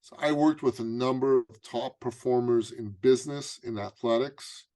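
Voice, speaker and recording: A man's voice: medium pitch, moderate pace, no room sound. A man, a business coach and author, telling a story in an interview and acting out the dialogue. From Canada. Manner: animated storyteller, acts out dialogue.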